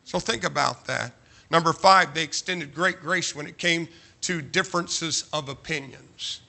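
Pastor guy preaching, super bright sharp voice, jokey and emphatic, lots of questions at the crowd. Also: a little high, gravelly. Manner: emphatic, joking, rapid-fire rhetorical questions. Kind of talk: sermon. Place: large church sanctuary.

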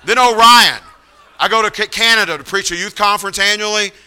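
A male preacher telling stories in a sermon, in an animated, folksy way. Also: high voice, fast talker, smooth. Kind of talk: storytelling sermon.

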